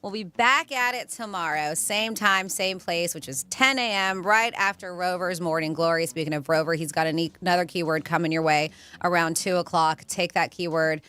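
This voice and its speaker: A woman co-hosting a radio talk show, telling stories in an animated, chatty way. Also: lowish voice, moderate pace, clean tone. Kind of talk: casual radio chat.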